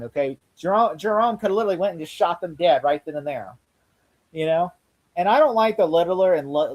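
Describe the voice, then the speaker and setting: A man co-hosting a casual chat about a TV episode, rambling and excitable with many restarts. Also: on the high side, rough recording. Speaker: podcast co-host. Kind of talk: casual show review chat.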